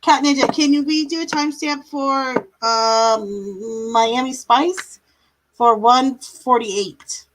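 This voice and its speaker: A woman's voice: high-pitched, slow, noisy background. A woman doing tarot readings on a live stream, chatty, laughing now and then, drawing out her words. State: yawning, a bit tired. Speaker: tarot reader.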